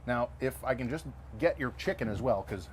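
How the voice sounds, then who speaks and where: A man's voice: medium pitch, lively intonation, moderate pace, slight background noise. Enthusiastic man hosting a food show. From Timmins, Ontario, Canada. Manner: enthusiastic, joking, praising the food. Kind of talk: casual on-location food review chat. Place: outdoors at a food truck.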